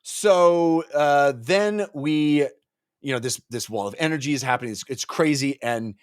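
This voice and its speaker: A man co-hosting a podcast, chatting excitedly about a book and acting out its characters' lines. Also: fairly high pitch, a little slow, clean tone. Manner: excitable, acts out quotes in voices. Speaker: podcast co-host. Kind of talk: casual book discussion.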